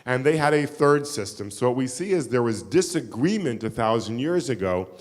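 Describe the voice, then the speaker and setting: A man's voice: mid-range voice, lively intonation, moderate pace. A man giving a live keynote lecture to an audience, engaging and quizzing the room with wry asides. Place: synagogue hall with live audience. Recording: long hall reverb.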